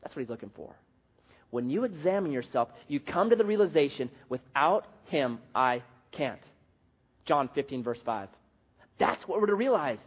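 A man preaching a sermon as pastor, telling a story with lively acted quotes. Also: a little high, a little fast, husky, muffled recording.

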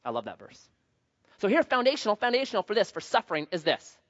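A male pastor preaching a sermon in an animated, joking, conversational manner. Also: sits high, quick pace, dull audio.

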